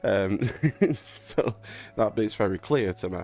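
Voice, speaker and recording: Young guy rambling about an old game, low gravelly voice, swears a lot. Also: animated, takes it slowly, darkish tone. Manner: swears freely, laughs often, loose and rambling. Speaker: gaming vlogger. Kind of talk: casual rambling chat.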